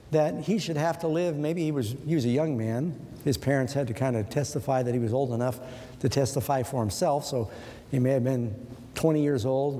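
A man's voice: medium pitch, mellow. Earnest male preacher in a reverberant hall. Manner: earnest, conversational preaching with rhetorical questions. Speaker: pastor. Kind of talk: sermon.

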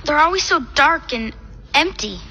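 A woman's voice: sits high, animated, moderate pace, pushed and bright, slight background noise, exaggerated voice. A woman voicing a timid teenage boy who complains nervously and cracks dry jokes, in an audio drama. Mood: uneasy.

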